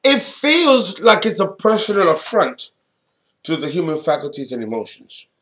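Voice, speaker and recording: A man giving a solo astrology talk as an astrologer, deliberate and emphatic, blunt and sometimes swearing. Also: fairly high pitch, very animated, a bit bright.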